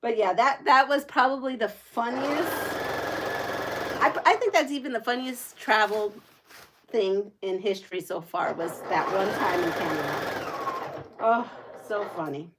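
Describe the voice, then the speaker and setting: A middle-aged woman hosting a livestream, telling a story in casual chat, laughing often and animated. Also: mid-range voice, unhurried, background noise. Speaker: livestream host.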